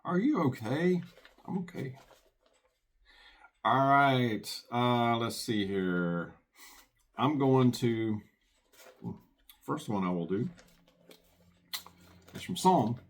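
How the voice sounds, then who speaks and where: A man's voice: medium pitch, expressive, very slow, pauses often. A man hosting a prepping channel, giving earnest, folksy commentary and reading scripture aloud.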